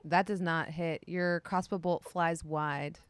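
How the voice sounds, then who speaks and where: A woman narrating as game master of a tabletop role-playing game, describing the scene in a measured way. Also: lowish voice, steady tone, clean tone, no echo.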